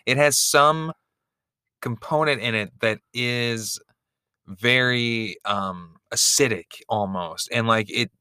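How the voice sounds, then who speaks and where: A man's voice: mid-range voice, slow, pushed and bright, clean tone, dry recording. A man co-hosting a podcast, chatting casually and rambling with lots of fillers and restarts. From United States. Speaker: podcast co-host. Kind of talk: casual recap chat.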